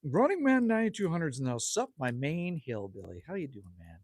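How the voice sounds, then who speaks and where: A middle-aged man with a high, slightly husky voice hosts a live stream from a campfire outdoors. He talks bluntly and jokes with viewers, his pitch leaping up and down. The sound is close and dry. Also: big pitch swings, brisk, a little mellow, dry recording. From Northwest Territories, Canada. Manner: chatty, blunt, joking with viewers. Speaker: livestream host reading chat. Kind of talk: casual live stream chat.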